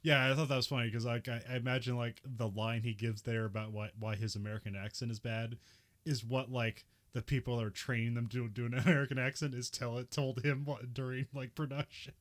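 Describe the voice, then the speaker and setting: A man's voice: medium pitch, flat delivery, fairly quick. A man co-hosting a podcast, chatting casually about an episode and laughing often as he talks. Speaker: podcast co-host. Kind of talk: casual chat recapping a TV episode.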